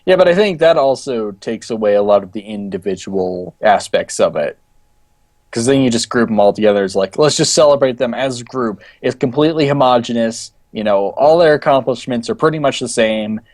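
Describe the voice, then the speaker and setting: A man's voice: medium pitch, a little fast, a little mellow, no room sound. A man co-hosting a podcast, making wry, mocking quips in casual banter. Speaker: podcast co-host.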